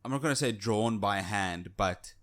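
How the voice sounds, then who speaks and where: A man co-hosting a podcast from his office, agreeable and quick with short replies and dry quips. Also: fairly low pitch, a bit bright. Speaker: podcast co-host. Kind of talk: casual game discussion.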